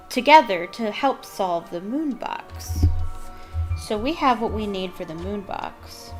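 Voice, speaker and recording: A woman streamer giving chatty, enthusiastic commentary while playing a game, with rambling asides. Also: medium pitch. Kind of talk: casual gameplay commentary.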